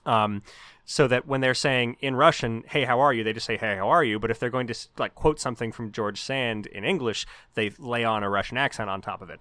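A man of middle pitch talks quickly and analytically, laying out his points at length in a casual book chat. The recording is dry and close, with no room sound. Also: fairly bright tone, no echo. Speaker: podcast co-host.

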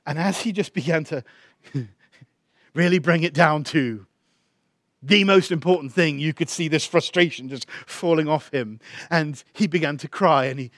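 Aussie preacher guy, fairly high voice, dry close sound, tells a story and gets loud and emphatic. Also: normal speed, dry recording. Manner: storytelling, acts out quoted voices, builds to emphatic peaks. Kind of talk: sermon with a personal story.

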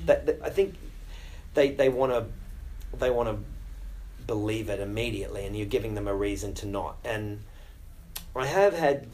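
A middle-aged Australian man with a fairly low voice chats easily in an interview, full of ums and restarts and quick to poke fun at himself. Faint noise sits under the recording. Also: a little mellow, poor audio. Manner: chatty, self-deprecating, with many fillers and restarts. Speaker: actor. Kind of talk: casual interview talk.

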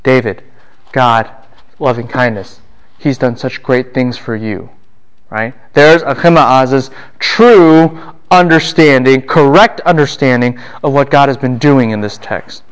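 A middle-aged man lectures a university class on a Bible passage at an ordinary pitch. He keeps asking the room questions and answering them himself. When he quotes someone, his voice jumps up and down in pitch and volume. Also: unhurried, clean tone.

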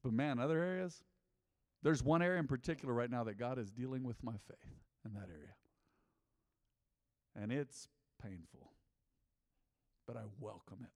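Male pastor preaching to the room, playful and animated, dry close mic but long hall tail. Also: medium pitch, moderate pace, long pauses. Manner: lively, jokes with the congregation, repeats answers. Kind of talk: interactive sermon.

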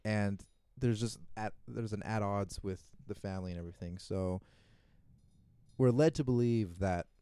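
A man's voice: lowish voice, moderate pace, dark tone, smooth, no echo. A man co-hosting a casual podcast chat, rambling and restarting often as he recaps a TV season and acts out characters' lines. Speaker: podcast co-host.

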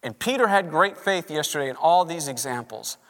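A male pastor preaching an animated sermon, acting out the voices of the people he quotes. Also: fairly high pitch, fairly quick. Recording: reverberant hall.

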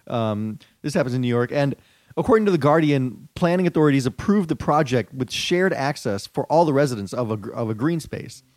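A man's voice: mid-range voice, lively intonation, a little fast, a little mellow, no echo, clean studio sound. A man co-hosting a casual podcast, reading news stories and getting sarcastic and profane.

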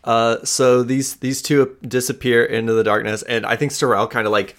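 A man narrating as game master for a tabletop role-playing game, relaxed and casual with frequent hesitations. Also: mid-range voice, normal speed.

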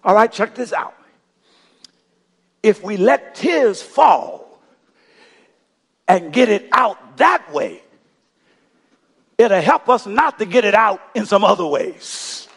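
A male pastor preaching a sermon with rising passion, often shouting and calling out to the congregation in a church. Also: high-pitched, big pitch swings, slow pace, creaky, long pauses, slightly rough, long reverb tail. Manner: impassioned preaching that builds to shouting, calls to the congregation. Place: church sanctuary.

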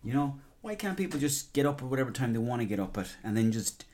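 A man's voice: medium pitch, sing-song, quick pace, darkish tone. An Irish man hosting a podcast, talking in a casual, rambling, sweary and jokey monologue. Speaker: podcast host.

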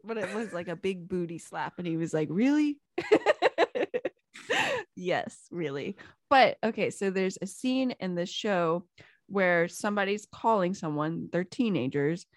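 A woman's voice: lowish voice, unhurried, no room sound, clean studio sound. A young woman in casual podcast chat, giggly and playful as she tells stories. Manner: giggly, playful, animated storytelling. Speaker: podcast co-host.

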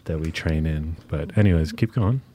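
A man with a very deep voice, improvising comedy. He is playful and keeps egging the others on, chiming in with quick asides. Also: mellow, breathy edge.

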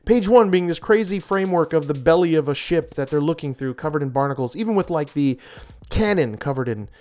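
Excitable man gushing over comics. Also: on the high side, fairly quick. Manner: animated, gushing, with many restarts and laughs. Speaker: comic book reviewer. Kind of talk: enthusiastic casual review.

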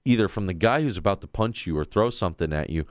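Man, low voice, smooth clear tone, dry close sound, casual rambling storyteller, swears a lot. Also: lively intonation, quick pace, dry recording. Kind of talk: casual chat.

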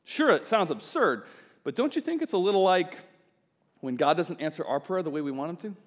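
A man preaching a sermon to his congregation, moving from soft, gentle asides to loud, emphatic points. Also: a little high, sing-song, fairly quick. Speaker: pastor. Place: church sanctuary. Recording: long hall reverb.

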